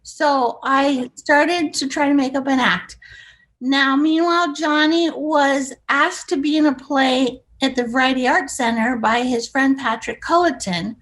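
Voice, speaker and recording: A woman's voice: high voice, steady tone, unhurried, fairly bright tone. A woman in her sixties, a comedic actress, telling rambling showbiz stories and acting out the voices of people she quotes. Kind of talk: casual storytelling interview.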